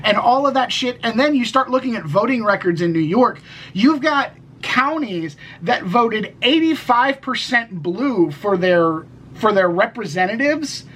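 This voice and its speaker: A man's voice: sits high, lively intonation, normal speed, a bit bright, rough recording. A man co-hosting a casual political podcast, rambling with many restarts and the odd swear word. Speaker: podcast co-host.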